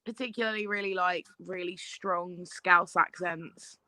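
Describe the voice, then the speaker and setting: A woman from England with a London accent chatting casually, relaxed and quick to laugh. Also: fairly low pitch, low-quality recording. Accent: London English. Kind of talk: casual chat.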